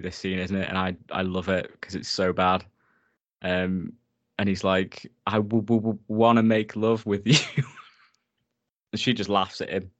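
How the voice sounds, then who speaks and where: A man's voice: low-pitched, a bit bright, no echo. A man giving a casual, chatty movie recap, giggling often and swearing freely. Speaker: film recap host.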